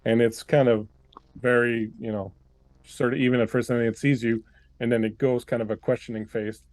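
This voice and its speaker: A man narrates a tabletop role-playing session as its game master. He talks in a loose, rambling way, full of "uh" and "like," at a mid-range pitch. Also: level tone, fairly quick, darkish tone, no echo.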